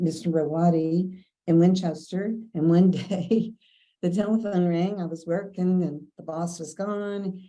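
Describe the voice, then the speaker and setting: Older kentucky lady telling stories, low pitch, super warm dark tone. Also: rough recording. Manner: chatty, anecdotal, quotes others in dialogue. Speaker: interviewee. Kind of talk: casual storytelling.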